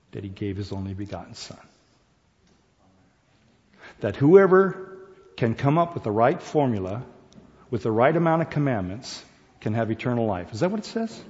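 A man's voice: medium pitch, a little mellow. A man preaching a sermon, talking to the congregation in a conversational way and asking them questions. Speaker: pastor. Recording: dull recording with long hall reverb.

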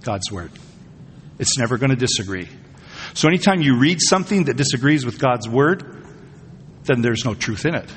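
A man's voice: medium pitch, expressive, normal speed, pauses often, a little hiss or hum. A man preaching a sermon to a congregation in a conversational way, often asking them questions. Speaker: pastor. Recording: husky voice in a long-reverb hall.

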